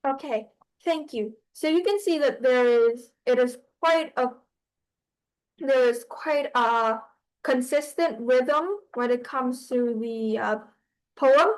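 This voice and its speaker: A woman's voice: high voice, slow pace, low-quality recording. A woman teaching a class, hesitant, with many fillers and restarts. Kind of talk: online class lesson.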